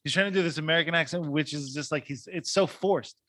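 Guy cohosting a movie podcast, bright forceful voice, kinda rambly, lots of ums. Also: fairly high pitch, quick pace, no room sound. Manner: rambling, searches for words, many fillers. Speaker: podcast co-host. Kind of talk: casual chat about films.

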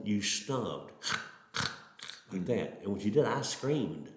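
A middle-aged man tells his testimony as a preacher. His voice sits on the low side and he speaks in a folksy, earnest way, stumbling over his starts. The sound carries a roomy echo. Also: animated, slow pace, noisy background. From Oklahoma. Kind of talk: testimony storytelling.

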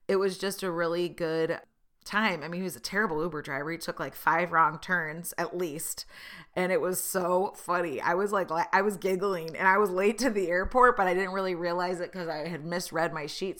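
A woman's voice: lowish voice, pushed and bright. A woman, hosting an upbeat, chatty motivational podcast monologue full of asides. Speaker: podcast host.

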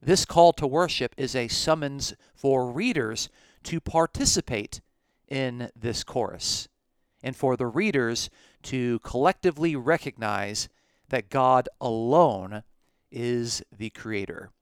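Measured, emphatic male Bible teacher. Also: mid-range voice, expressive, smooth, dry recording, clean studio sound. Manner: measured, emphatic, reads Greek aloud. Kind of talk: scripted teaching podcast.

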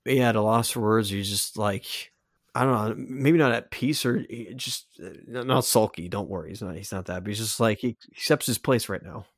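A man with a somewhat low voice, chatting casually as a podcast co-host. He rambles and restarts his sentences often. The sound is dry and close. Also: moderate pace, no echo. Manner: rambling, many restarts and fillers. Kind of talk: casual chat, scene-by-scene breakdown.

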